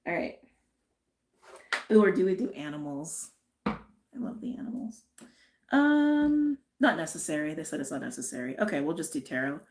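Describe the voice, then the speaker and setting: A woman with a slightly low voice gives a relaxed spiritual reading. She talks in a chatty, rambling way, wandering into tangents and checking in with her listeners. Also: brisk, long pauses, noisy background. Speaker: tarot and astrology reader. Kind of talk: casual spiritual reading chat.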